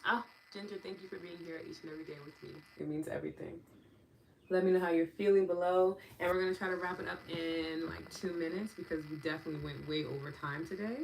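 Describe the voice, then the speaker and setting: A woman with a notably low voice leads a live meditation and tapping session in a gentle, affectionate way. She is in her thirties and chats with her viewers, thanking each one by name. A faint hum sits behind her. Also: fairly even intonation, quick pace, gravelly, poor audio. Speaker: meditation and EFT practitioner. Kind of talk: live-stream wellness session, reading viewer comments.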